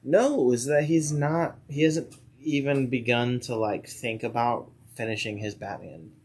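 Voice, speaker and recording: A man's voice: medium pitch, unhurried, breathy edge. A man co-hosting a comic shop livestream, chatting dryly about comics in a laid-back way. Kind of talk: casual chat.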